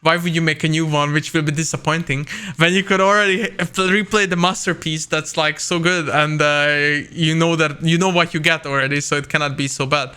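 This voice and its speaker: Bright, clear-voiced young man chatting casually. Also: fairly high pitch, fairly even intonation, fairly quick, hardly any pauses. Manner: enthusiastic, rambling with many fillers. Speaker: podcast co-host. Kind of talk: casual gaming chat.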